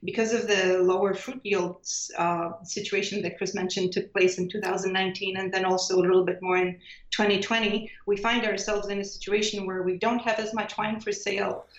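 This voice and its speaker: A woman representing a winery as a guest in a radio interview, speaking in a measured, informative way with frequent fillers. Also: medium pitch, little pitch movement, echoey room, dull audio.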